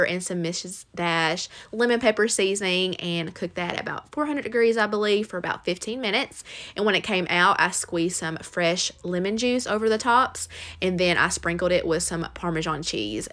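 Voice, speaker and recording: A woman's voice: on the low side, a bit bright. Chatty woman narrating her cooking. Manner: chatty and enthusiastic, with likes and ums. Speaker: cooking vlogger. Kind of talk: casual cooking voice-over.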